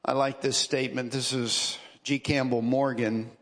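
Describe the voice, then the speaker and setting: Male preacher, sermon delivery, slow and emphatic, reverberant church hall. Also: medium pitch, flat delivery, a bit bright. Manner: emphatic preaching with repetition and rising stresses. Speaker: pastor. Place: church sanctuary. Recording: long reverb of a large hall.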